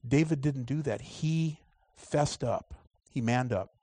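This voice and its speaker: A man preaching a sermon, moving between loud, drawn-out emphasis and quiet asides. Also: medium pitch, no echo.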